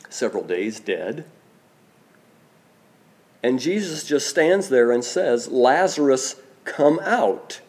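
A man preaching a sermon, slow and deliberate, letting his voice drop soft on key phrases. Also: medium pitch. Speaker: pastor.

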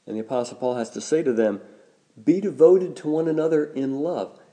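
A man preaching a sermon as a pastor, measured and deliberate, slowing down to stress key words. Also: a little high, warm tone.

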